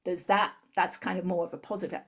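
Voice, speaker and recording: A woman guest in an interview, calmly explaining a tapping technique step by step. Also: on the low side, fast. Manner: calm step-by-step instructor. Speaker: guest, tapping therapy practitioner.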